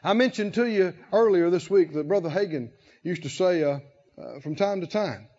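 High, lively preaching man. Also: moderate pace, muffled recording. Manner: preacher who swings from soft to shouted, laughing and exhorting. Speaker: pastor. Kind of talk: sermon.

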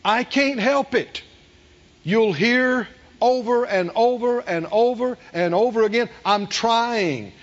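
A man's voice: extremely high pitch, unhurried. A man preaching a sermon to a congregation in a church hall, emphatic, asking rhetorical questions and calling for responses. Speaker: pastor. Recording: dull recording with long hall reverb.

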